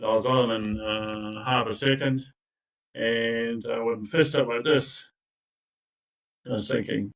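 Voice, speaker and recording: A man's voice: mid-range voice, steady tone, unhurried, pauses often, low-quality recording. An older man, a recovery coach telling his own story in an earnest, emphatic way with frequent restarts and asides. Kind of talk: personal storytelling in conversation.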